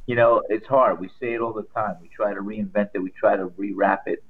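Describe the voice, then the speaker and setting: Man's low voice over a tinny phone line. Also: steady tone, brisk, hardly any pauses, breathy edge. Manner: folksy storyteller, homespun sayings. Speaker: co-host. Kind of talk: casual sports radio chat.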